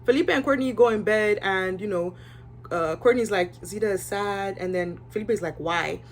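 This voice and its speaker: A woman's voice: medium pitch, normal speed, slight background noise. A young woman giving a casual, opinionated recap of a reality show, chatting with her viewers and filling her talk with asides.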